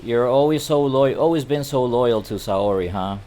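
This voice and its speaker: A man voicing a loyal male bodyguard who warns someone to lower his voice. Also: moderate pace, mellow, lightly acted. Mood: stern.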